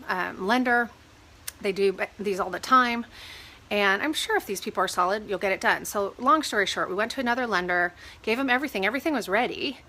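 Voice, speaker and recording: A woman real estate agent giving casual advice, sniffling from a cold and animated when she retells her arguments. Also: mid-range voice. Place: home with dogs.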